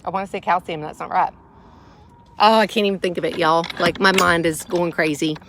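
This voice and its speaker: A woman's voice: on the low side, fairly even intonation, brisk, a bit bright, a little hiss or hum. A middle-aged woman with a Southern US accent, chatting casually on a livestream, laughing often and cooing at her pets. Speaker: vlog host. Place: outdoors at a home with hens.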